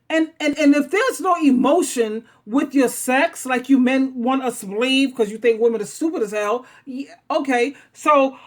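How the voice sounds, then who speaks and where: A woman hosting a casual relationship talk, speaking bluntly with a sassy, teasing edge. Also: high voice. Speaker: talk show host.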